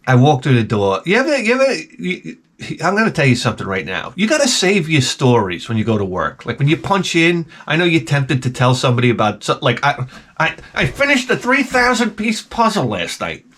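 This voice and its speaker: Animated man telling rambling stories. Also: mid-range voice, a little fast, husky. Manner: animated, jumps between impressions and asides. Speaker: channel host. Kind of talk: rambling comedic storytelling.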